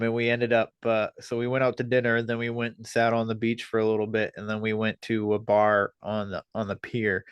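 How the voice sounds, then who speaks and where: A man hosting a podcast, chatting casually and relaxed, laughing and swearing freely. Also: lowish voice, clear, resonant tone, dry recording. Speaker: podcast host. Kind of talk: casual chat.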